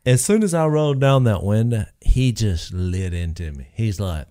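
A man's voice: mid-range voice, normal speed. A man telling a rambling story in casual chat and acting out the people in it. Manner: animated, rambling, acts out quoted people. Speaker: podcast co-host telling a story.

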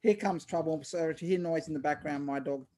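A woman's voice: sits low, fairly quick, dark tone. A woman with an Australian accent, a podcast guest calling in from home, cheerful and giggly, with many ums as she talks. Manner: cheerful, giggly, hesitant with fillers. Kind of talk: casual interview chat. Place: home in Sydney.

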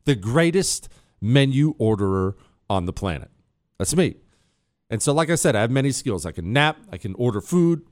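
A man's voice: medium pitch, big pitch swings, normal speed, darkish tone, dry recording. A man hosting a radio show, bragging playfully and teasing a co-host off mic in casual monologue. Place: radio studio. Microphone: studio mic.

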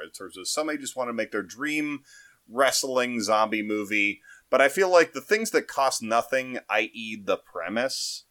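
Low-voiced laid-back man, dry mic. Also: fairly bright tone, no room sound. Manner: laid-back, hesitant, sarcastic. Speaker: podcast co-host. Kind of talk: casual movie review chat.

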